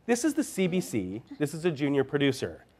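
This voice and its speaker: Male panelist, expressive and anecdotal. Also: a little high, brisk. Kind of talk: panel discussion answer.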